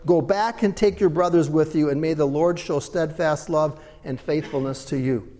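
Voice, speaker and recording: A man preaching a sermon as a pastor, swinging between loud emphatic bursts and low, quiet asides. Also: moderate pace, big-room sound.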